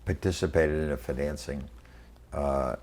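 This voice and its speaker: A man in his eighties from New York City, recalling his career in a halting oral history interview full of fillers and restarts. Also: very deep voice, darkish tone. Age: 80s. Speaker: interviewee, venture capitalist. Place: quiet room.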